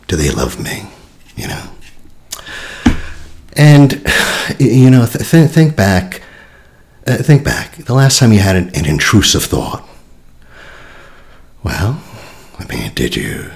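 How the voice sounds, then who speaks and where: A man's voice: on the low side, vocal fry. A man coaching on relationships in a casual teaching monologue, reflective and conversational, often sighing and repeating himself.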